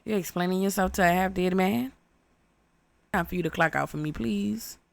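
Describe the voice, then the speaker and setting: A young woman recapping a horror movie in loud, brash, profane comedic storytelling. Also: fairly low pitch, normal speed, vocal fry, no echo.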